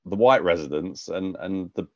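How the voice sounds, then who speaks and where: This low-voiced co-host from the UK chats about movies at a moderate pace, wandering off track and restarting sentences, filler words throughout. The audio is dry, and the high frequencies are cut off.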